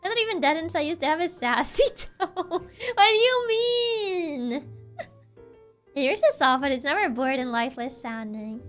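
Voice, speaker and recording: A young woman streaming casually, soft-spoken and sassy, who laughs often while chatting with her viewers. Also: high voice, a little fast, faint music behind. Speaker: VTuber streamer. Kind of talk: casual livestream chat, reading chat aloud.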